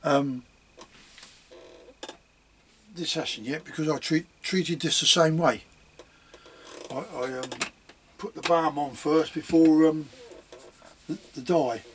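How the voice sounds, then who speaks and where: A man's voice: on the high side, steady tone, a little slow, pauses often, a bit bright, a little hiss or hum. A man rambling casually about his leatherwork in a home vlog, chuckling at himself as he goes. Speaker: leatherworking hobbyist.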